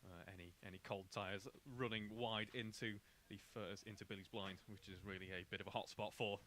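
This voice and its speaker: A man's voice: fairly low pitch, a little fast, slight background noise. A man giving live commentary on a kart race from a commentary box, steadily reading out the grid order. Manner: steady, reads out grid orders in long lists. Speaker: karting commentator.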